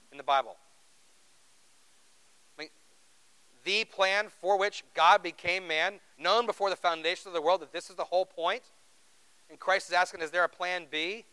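A man's voice: fairly high pitch, pushed and bright, smooth, low-quality recording. A man preaching a sermon in an earnest, conversational way, asking the congregation rhetorical questions. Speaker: pastor.

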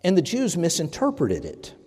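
A man preaching a sermon, earnest and deliberate, pausing often and correcting himself as he goes. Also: a little high, wildly swooping pitch, a little mellow, breathy edge. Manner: earnest, with pauses and self-corrections. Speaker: pastor. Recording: reverberant hall.

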